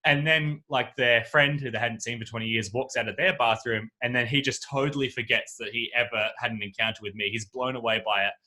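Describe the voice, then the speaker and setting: A man hosting a podcast, telling an anecdote with animated storytelling and acting out the voices of the people in it, talking from home on a video call. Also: medium pitch, a little fast, few pauses. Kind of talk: casual chat. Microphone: video call microphone.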